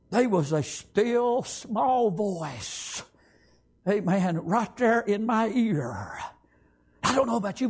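A man giving a fervent sermon testimony, swinging from shouts to hushed tones and repeating phrases. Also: high voice, breathy edge.

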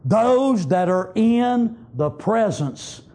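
A man preaching a fiery sermon in a church, punctuating it with shouted amens. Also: sits high, very animated, extremely slow, crowd noise. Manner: emphatic, shouting refrains, frequent amens. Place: church sanctuary.

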